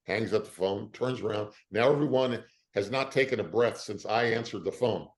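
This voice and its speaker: An older man, an actor, telling stories in an interview with a lively, emotional delivery. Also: on the low side, normal speed, few pauses. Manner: lively storyteller, emotional at times. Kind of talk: animated anecdotes.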